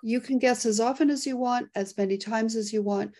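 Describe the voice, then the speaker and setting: A woman with a fairly high voice hosts a casual live webinar on a video call. Excitable, she laughs easily while reading out poll results and the chat.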